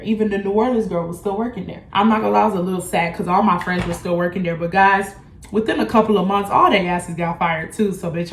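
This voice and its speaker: Blunt, profane young woman in echoey room. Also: mid-range voice. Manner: blunt, profane, animated storytelling. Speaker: beauty vlogger. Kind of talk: casual storytime vlog.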